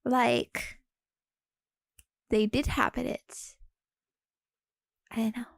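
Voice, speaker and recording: A woman streamer reacting to videos in a cozy sister role-play, talking softly and teasingly. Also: a little high, big pitch swings, very slow, creaky, no echo.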